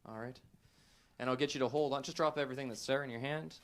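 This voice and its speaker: A man performing a magic trick on a talk show, with brisk showman patter. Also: medium pitch, steady tone. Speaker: stage magician guest.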